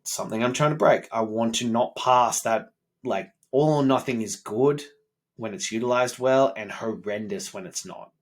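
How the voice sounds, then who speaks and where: A man, talking bluntly and with a lot of swearing, candid and self-critical, in a personal vlog monologue. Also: fairly low pitch. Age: 30s. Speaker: self-improvement vlogger, father.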